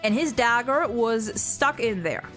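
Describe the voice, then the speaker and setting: Woman, German native, game streamer, slightly high voice, excitable, stumbling, thinking aloud, faint music behind. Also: unhurried. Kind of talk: let's-play commentary.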